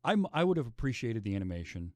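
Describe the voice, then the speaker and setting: A man's voice: mid-range voice, sing-song, fast, a little mellow, no room sound. A man hosting a podcast, chatting casually about a film and acting out his own reactions as he tells it. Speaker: podcast host.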